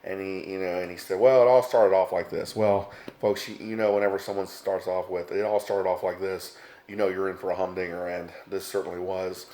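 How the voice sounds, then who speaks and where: A man's voice: sits low, little pitch movement, fairly quick, darkish tone. A middle-aged man, a former flight attendant, telling stories casually with lots of fillers and calling viewers folks. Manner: rambling, many fillers, addresses viewers as folks. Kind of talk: casual storytelling to camera.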